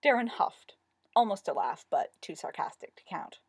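A woman narrating a story aloud in an expressive, wry reading style. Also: mid-range voice, normal speed, breathy edge, no room sound, clean studio sound.

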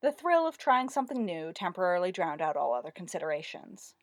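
A woman narrating a fantasy story with a lively, expressive delivery. Her voice rises and falls widely, recorded close and dry with no room sound. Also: lowish voice, fast, dry recording. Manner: expressive, lively read-aloud. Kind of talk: storybook reading.

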